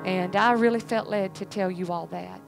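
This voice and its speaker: A woman's voice: mid-range voice, fairly even intonation, moderate pace, vocal fry, music in the background, poor audio. Earnest woman giving church testimony. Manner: emphatic, repetitive, earnest. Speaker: church speaker, pastor's family.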